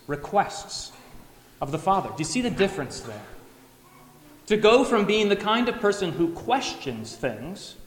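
A pastor giving a conversational sermon in a church, acting out everyday questions as he preaches. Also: a little high. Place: church sanctuary. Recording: echoey hall, long reverb.

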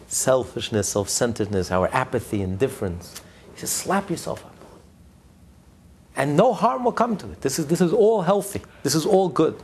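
Gravelly, animated male preacher. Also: medium pitch, slight background noise. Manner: emphatic, builds points through repeated lists; tells a joke story mid-lesson. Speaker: religious teacher. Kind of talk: sermon.

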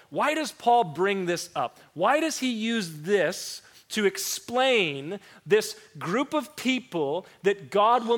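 Animated high-voiced male preacher. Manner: animated, swings between loud rhetorical questions and quiet scripture reading; mock-mopey voice when quoting a complaining prophet. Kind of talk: sermon.

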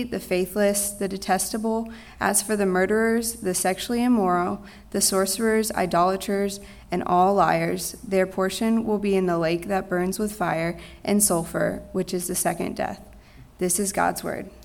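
A woman reading a long scripture passage aloud. Her reading is measured and solemn, and she sounds close to tears. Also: medium pitch, fairly even intonation, creaky. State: tearful. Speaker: scripture reader.

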